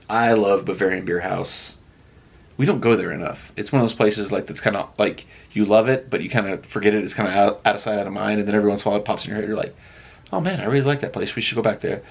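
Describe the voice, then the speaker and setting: A man talking casually to his viewers. He rambles and pokes fun at himself. His voice is low, gravelly and a bit husky. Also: steady tone, quick pace. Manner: rambling and self-deprecating. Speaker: vlogger and live streamer. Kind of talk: casual vlog chat.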